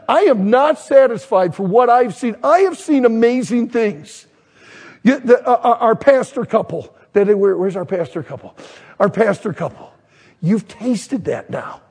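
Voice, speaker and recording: Gravelly, animated older man preaching. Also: high-pitched. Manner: folksy, animated storyteller who shouts quoted lines and drops to near-whispers. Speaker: pastor. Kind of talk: sermon with storytelling. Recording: long hall reverb.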